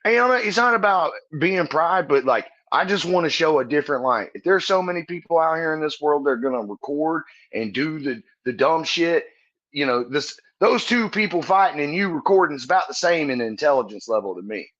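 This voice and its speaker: A man's voice: a little high, animated, fairly quick, fairly bright tone, muffled recording. Earnest, profane man telling stories. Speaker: comedian guest. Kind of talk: casual podcast storytelling. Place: Texas.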